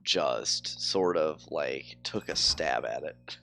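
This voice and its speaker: A man's voice: rumbling low, takes it slowly, creaky, pushed and bright, soft background music. A man chatting casually on a live game stream, rambling with lots of fillers.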